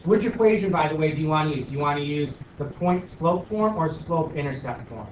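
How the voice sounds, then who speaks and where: A man's voice: a little high, expressive, brisk, recorded from a distance, a little hiss or hum. A man teaching a math class, questioning students and joking as a self-declared stickler. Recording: roomy, dull, from across the room.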